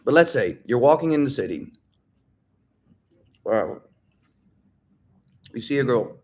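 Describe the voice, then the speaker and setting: A man coaches viewers on dating in a live-stream Q&A, loud, blunt, and profane, hammering points home with repeated, drill-like stress. His voice is mid-range and sing-song, and he speaks slowly.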